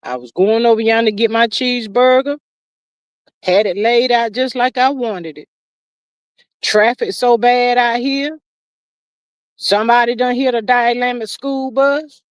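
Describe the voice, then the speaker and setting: A woman's voice: a little high, no echo, studio quality. A woman hosting a casual livestream chat, greeting viewers and talking in a chatty, playful way with lots of slang. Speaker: livestream host.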